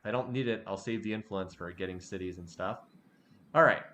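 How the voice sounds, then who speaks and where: A man commentating his strategy game as he plays, halting and repeating himself when frustrated. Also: sits low, pushed and bright. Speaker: game streamer. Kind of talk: let's play commentary.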